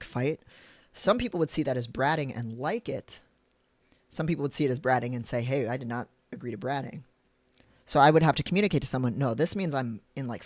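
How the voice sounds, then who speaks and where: A man's voice: on the high side, no room sound. A man reading from his own book on a livestream, speaking frankly and going off on chatty personal tangents. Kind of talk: reading aloud with casual asides on a livestream. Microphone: desk mic for a live stream.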